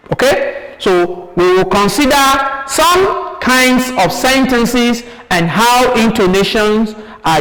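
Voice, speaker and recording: Slow, lively-pitched Nigerian male teacher. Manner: asks questions then answers them himself; slow, drawn-out teacherly delivery. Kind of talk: classroom lesson. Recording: hall reverb.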